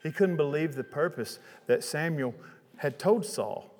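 A man preaching a sermon, retelling a Bible story in a casual, lively way with chatty asides. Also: fairly high pitch, measured pace, long reverb tail.

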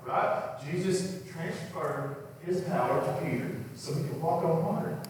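A man's voice: fairly high pitch, a little slow, slight background noise. Preacher man in an echoey hall. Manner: animated storytelling, acting out voices in quotes. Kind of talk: sermon. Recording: echoey hall, mic far off, faint ambience.

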